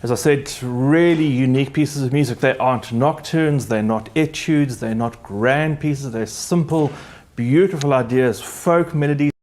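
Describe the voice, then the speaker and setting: Middle-aged man, pianist-host; relaxed, chatty between-pieces patter in an ordinary mid-range voice. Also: medium pitch, measured pace. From South Africa. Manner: warm, chatty, reminiscing, with gentle restarts. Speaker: concert pianist hosting a live concert. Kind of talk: casual spoken introductions between pieces.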